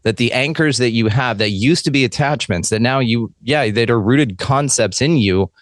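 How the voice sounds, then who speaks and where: A man chatting casually as a podcast guest, emphatic and animated, swearing freely. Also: medium pitch, normal speed, dry recording, clean studio sound. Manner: emphatic, profane, animated storyteller. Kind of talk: casual chat.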